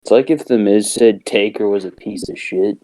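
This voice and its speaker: A man's voice: fairly low pitch, normal speed, dark tone. A man co-hosting a podcast in casual chat, joking and swearing freely. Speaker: podcast co-host.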